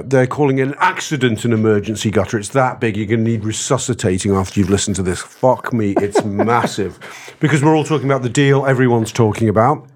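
A man hosting a casual football podcast, excitable and sweary, often laughing and jumping up in pitch as he gets carried away. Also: fast. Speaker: podcast host.

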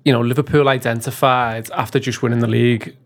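A man appearing as a podcast guest, talking football in a measured, thoughtful way with some hesitant fillers. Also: mid-range voice, steady tone. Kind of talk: casual football podcast chat.

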